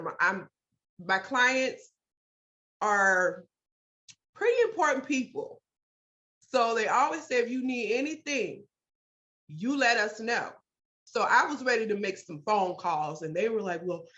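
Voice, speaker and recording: A middle-aged woman, a mother, telling in an interview about a hard hospital stay, emphatic and animated, repeating herself when upset. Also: medium pitch. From United States. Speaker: parent telling her story. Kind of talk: interview storytelling. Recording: dull lo-fi sound.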